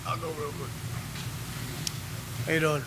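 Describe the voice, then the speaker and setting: A man's voice: on the high side, little pitch movement, measured pace, creaky, noisy background. A man giving a nervous, emotional public comment at a meeting, hesitant and full of ums.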